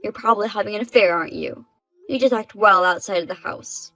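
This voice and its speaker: Woman as a wronged wife, mid-pitched, plain delivery, faint music under. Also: brisk, sharp tone, poor audio. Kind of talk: dubbed story drama narration.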